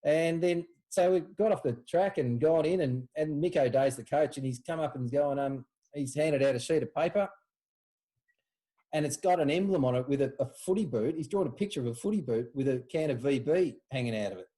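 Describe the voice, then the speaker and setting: Speaking briskly in a voice on the high side, this Australian man recounts old club stories as a podcast guest and former club footballer. The chat is casual, and he animatedly acts out people's quotes in a raised voice.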